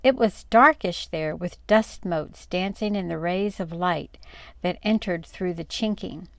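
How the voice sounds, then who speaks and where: Gravelly older woman reading aloud. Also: measured pace, no echo. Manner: expressive, dropping low and soft on narration tags. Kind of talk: storybook read-aloud.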